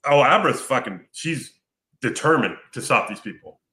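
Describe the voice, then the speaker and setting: A man's voice: medium pitch, lively intonation, moderate pace, pushed and bright. Swearing man talking into a roomy, unplugged mic. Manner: profane, rambling storyteller with lots of fillers. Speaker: podcast host recapping a film. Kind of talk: casual chat. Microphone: picked up from afar by another mic.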